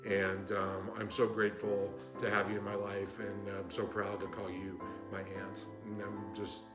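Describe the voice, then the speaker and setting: A man recording a heartfelt birthday message to his aunt, warm and grateful, with a few fillers. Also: lowish voice, monotone, normal speed. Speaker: nephew sending birthday wishes. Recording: roomy recording with music.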